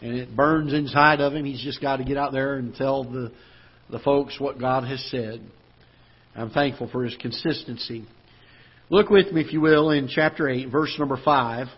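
A male pastor preaching a sermon in a church auditorium, breaking into joking asides and then rising and slowing for emphasis when he reads scripture aloud. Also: medium pitch, fairly even intonation, slightly rough, lo-fi sound. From United States.

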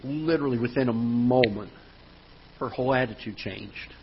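A man's voice: medium pitch, normal speed, highs cut off, a little hiss or hum. A man preaching a sermon as pastor, telling a story that builds into emphatic preaching. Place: church auditorium.

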